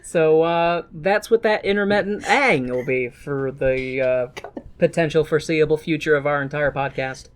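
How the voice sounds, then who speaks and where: A woman's voice: low-pitched, moderate pace. A woman co-hosting a podcast, recapping a film in a rambling, self-correcting way with dry humor. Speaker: podcast co-host. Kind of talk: casual chat and film recap.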